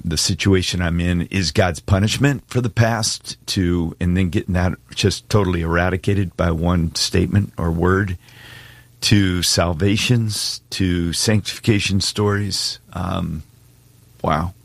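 Deep-voiced male radio host, affirming and unhurried, dry studio sound. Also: fairly even intonation, vocal fry, dry recording. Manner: warm-hearted, affirming, unhurried. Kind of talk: Christian call-in radio hosting. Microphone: studio microphone.

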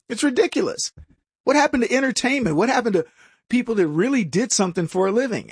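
A man's voice: extremely high pitch, sing-song, brisk, slightly rough, dry recording, clean studio sound. A man hosting a political talk show, sarcastic and mocking, who stumbles and restarts and laughs at his own jokes. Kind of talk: opinionated commentary monologue.

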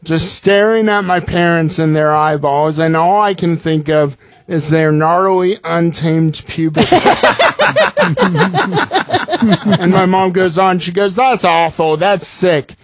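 A man's voice: high voice, animated, takes it slowly, slight background noise. A young man in his twenties, a comedian guest telling comic stories with many ums and restarts, laughing at his own jokes. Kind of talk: comic storytelling.

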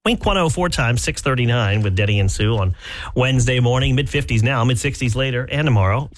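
A man co-hosting a morning radio show, chatting away in easy banter. His pitch swings up and down a lot as he talks. He is fussy about pronunciation and enjoys setting the record straight. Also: expressive, fairly quick. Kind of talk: casual on-air banter.

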